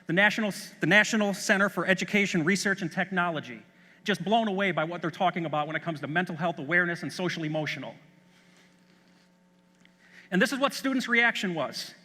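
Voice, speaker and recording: A man's voice: sits high, sharp tone. A middle-aged man from Chicago, a school superintendent, giving an enthusiastic, story-driven conference keynote in a large hall. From Chicago, USA. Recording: long hall reverb.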